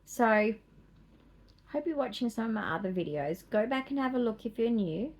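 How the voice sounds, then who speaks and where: A woman's voice: on the high side, animated, moderate pace, darkish tone. An Australian woman vlogging in a rambling, chatty way, with playful asides and small laughs. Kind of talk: casual chat.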